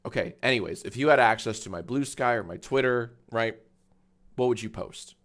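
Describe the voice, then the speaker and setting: A man in his thirties chatting casually on a live stream, swearing freely and breaking into high laughter. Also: moderate pace, a bit bright.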